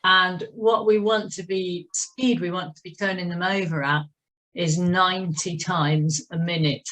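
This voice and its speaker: A woman's voice: lowish voice, fairly even intonation, unhurried, a bit bright, poor audio. A woman leading an online indoor cycling class over a video call, calling out time counts between chatty asides. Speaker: cycling instructor. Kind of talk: coaching an online exercise class.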